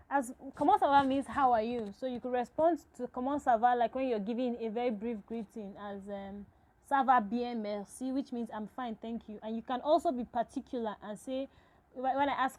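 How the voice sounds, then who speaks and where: A woman's voice: fairly high pitch, moderate pace, darkish tone, low-quality recording. A woman teaching a French lesson to absent students, talking patiently, repeating each phrase and checking in with "okay?".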